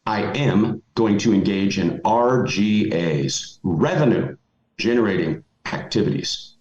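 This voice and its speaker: A man's voice: on the low side, animated, a little slow, a little mellow. Emphatic man in a roomy lo-fi call. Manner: emphatic, folksy storytelling. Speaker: podcast guest. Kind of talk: motivational podcast talk. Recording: roomy, dull lo-fi audio.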